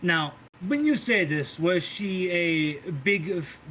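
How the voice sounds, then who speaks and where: Flamboyant, foul-mouthed mother goddess with a temper, put on by a man, theatrical and raised in pitch. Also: expressive, takes it slowly, fairly bright tone, slight background noise, exaggerated voice. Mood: doting. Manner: theatrical, gushing, swears, calls everyone darling.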